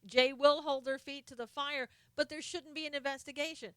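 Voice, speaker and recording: A woman's voice: high voice, fairly even intonation, fairly quick, fairly bright tone, dry recording. A woman hosting a live stream of political commentary, talking in an impassioned way and greeting viewers by name.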